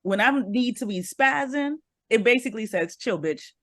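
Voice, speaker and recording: A woman guest on a podcast, telling a story with lively energy and acting out the voices of the people in it. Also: on the high side, moderate pace, dry recording, clean studio sound. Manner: animated storytelling, acts out others' lines. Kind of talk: casual chat.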